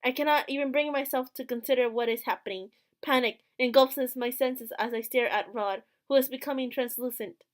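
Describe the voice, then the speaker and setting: A woman's voice: high-pitched, brisk, few pauses. A woman playing through a visual novel, reading its first-person narration aloud with joking asides. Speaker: let's play host.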